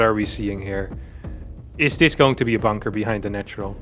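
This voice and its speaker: A man casting a live esports match, chatty and swelling into excited play-by-play. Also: lowish voice, brisk, faint music behind. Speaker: esports caster.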